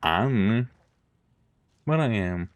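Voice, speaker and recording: A man's voice: lowish voice, expressive, drawn-out words, dry recording, muffled recording. A man streaming a video game, reading its text aloud with casual chatty asides.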